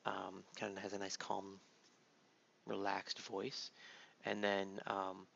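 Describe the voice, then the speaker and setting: A man's voice: low-pitched, monotone, slow, gravelly, fairly bright tone. A man hosting a casual gameplay video, rambling laid-back commentary full of fillers, sounding like a tired dad at his home computer. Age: adult father. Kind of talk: casual let's-play commentary. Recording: dull lo-fi mic with faint noise.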